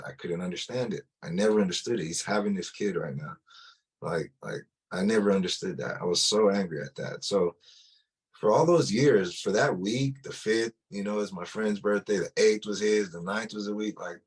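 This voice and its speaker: A man's voice: deep voice, husky. A man telling his personal testimony in a loose, conversational way, often restarting and filling with "like". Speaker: testimony speaker.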